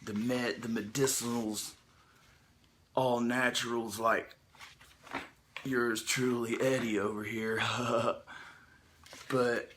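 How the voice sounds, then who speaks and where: A man drawls through a rambling, profane comic recap in a slow, laid-back way, laughing at his own asides. His voice sits at a middling pitch. A faint hiss of background noise runs under the recording. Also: level tone, fairly bright tone. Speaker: storyteller.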